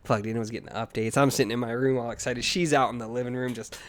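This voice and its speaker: A man's voice: medium pitch, fairly even intonation, quick pace. A man in his thirties co-hosting a casual podcast, telling a rambling story full of fillers and restarts, laughing at himself. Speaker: podcast co-host.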